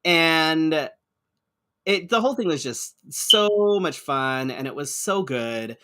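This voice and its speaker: A man's voice: fairly high pitch, expressive, slow, pushed and bright. A man co-hosting a podcast, chatting casually with frequent restarts and casual swearing. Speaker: co-host. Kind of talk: casual chat.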